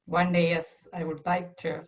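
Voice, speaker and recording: A woman whose first language is not English shares her weekly plan in a casual video call, hesitant and soft-spoken, with many fillers. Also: lowish voice, flat delivery, a little slow, rough recording. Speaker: community member sharing weekly plan.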